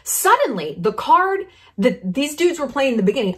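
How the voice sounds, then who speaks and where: High and sing-song, the voice belongs to a woman in her thirties commenting on YouTube. She delivers her opinions bluntly and sarcastically in a brash monologue, tossing in quick asides.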